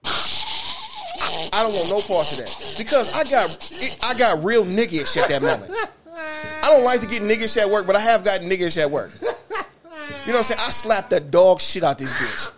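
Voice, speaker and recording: A man's voice: sits high, moderate pace, long pauses, noisy background. A man, a bus driver telling profane stories on a casual podcast and acting out the quotes. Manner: animated, profane, acts out quotes.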